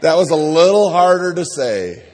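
A pastor preaching a sermon in a church, talking conversationally and coaxing the congregation to repeat phrases to each other. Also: male voice, a little high, sing-song, moderate pace, a little mellow. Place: church sanctuary. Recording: long hall reverb.

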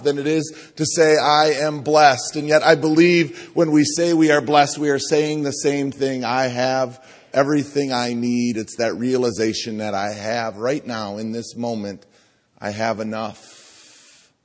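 A man preaching a sermon in a conversational style, pausing to have the congregation turn and repeat phrases to one another. He speaks slowly in a mid-pitched voice. The sound carries the long reverb of a church hall. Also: steady tone. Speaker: pastor. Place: church sanctuary.

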